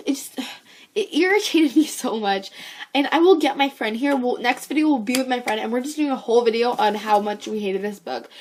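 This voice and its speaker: A woman's voice: fairly high pitch, brisk, darkish tone. A teenage girl giving a casual, exasperated vlog review of books she dislikes, sighing and swearing as she rants. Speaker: book vlogger.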